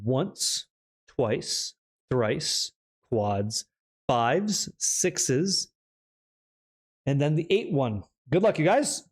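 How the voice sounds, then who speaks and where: A man's voice: medium pitch, big pitch swings, drawn-out words, long pauses, husky. A young man hosting a live stream, reading chat aloud and joking in a casual, hyped way with some swearing. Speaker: streamer host.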